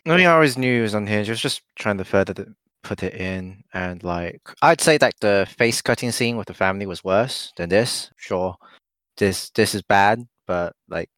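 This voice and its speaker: A young man in a casual film discussion, giving his view in a low-key, measured way. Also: a bit bright, no echo.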